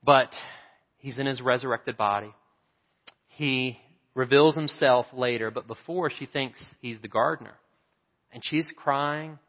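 A male pastor delivers an Easter sermon from the pulpit, asking his congregation for amens. He slows down to stress key phrases. His voice rings through a large reverberant hall on a dull, muffled recording. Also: medium pitch. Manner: preachy, calls for amens, slows for emphasis. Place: church sanctuary. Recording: dull reverberant church sound.

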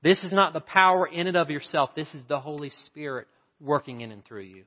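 A man's voice: fairly high pitch, fairly quick. Man preaching in a dull echoing hall. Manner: preaching with rising emphasis and rhetorical questions. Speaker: pastor. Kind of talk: sermon. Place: church sanctuary.

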